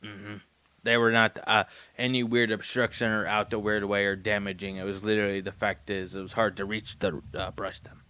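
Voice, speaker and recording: A man's voice: fairly low pitch, flat delivery, a little fast, sharp tone, clear, resonant tone. A man co-hosting a comedy podcast, talking in a goofy, easily flustered way with a sore mouth after getting teeth pulled. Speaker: podcast co-host. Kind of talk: casual comedic podcast banter.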